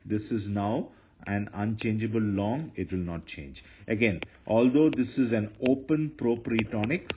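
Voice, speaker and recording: Here the lecturer's voice sits fairly low and moves at a moderate pace as he patiently explains Hebrew grammar, repeating himself and catching his own slips. It's a dull lo-fi lecture recording with a faint hiss of noise.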